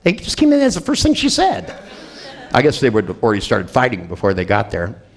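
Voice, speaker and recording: An older man telling a story to an audience, animated and profane, acting out the people in it and laughing at his own tale. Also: mid-range voice, fairly quick, gravelly. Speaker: speaker telling a therapy story.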